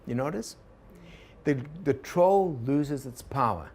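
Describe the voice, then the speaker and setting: A man's voice: mid-range voice, animated, takes it slowly, a little mellow, slightly rough. A man giving a workshop lecture on personal change, telling a fable, voicing inner thoughts and asking the audience questions. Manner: storytelling with quoted inner voices, asks the audience questions. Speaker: organizational consultant teaching a workshop.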